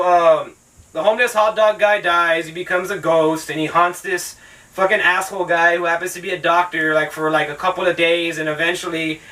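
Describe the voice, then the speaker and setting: A man's voice: high-pitched, sharp tone, far from the mic, rough recording. A man hosting his own channel, ranting through a sarcastic, profanity-heavy casual movie review. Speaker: film reviewer, channel host.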